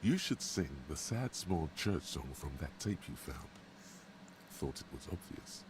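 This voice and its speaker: A man voicing a sardonic inner-voice narrator in a video game, speaking in dry, measured tones. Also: very deep voice, very animated, background noise, full character voice. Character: deep male inner voice narrating a game, wry and grave.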